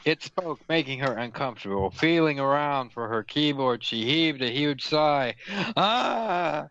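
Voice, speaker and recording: A man's voice: mid-range voice, moderate pace, fairly bright tone, smooth, dry recording. A man reading fan fiction aloud for laughs, stumbling over words and correcting himself. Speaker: reader and host. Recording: dull lo-fi audio, dry room.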